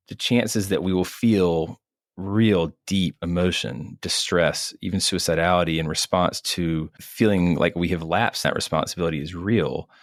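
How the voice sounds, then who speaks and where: A man in his thirties, a physician guest, speaking in an earnest, measured, thoughtful way in an interview conversation. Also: sits low, no echo, clean studio sound.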